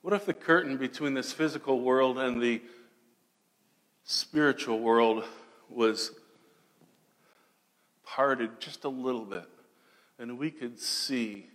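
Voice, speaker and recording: A man preaching a sermon dramatically, moving between loud declarations and hushed, almost whispered passages. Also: medium pitch, slow, long pauses, long reverb tail. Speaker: pastor.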